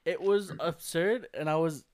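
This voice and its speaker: A young man with a smooth, clear voice that sits a little high for a man, spinning a casual story among friends. He swears freely and acts out the voices of the people in it. His delivery swings between hushed asides and loud, animated bursts. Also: normal speed. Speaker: podcast co-host.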